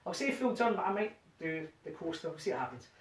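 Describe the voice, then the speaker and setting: A man's voice: sits high, sing-song, fast. Male line dance instructor, rhythmic count-calling, slightly winded, distant camera mic in a roomy home. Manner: counts steps aloud in a rhythmic chant. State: a bit out of breath. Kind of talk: teaching a dance workshop from home. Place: living room at home.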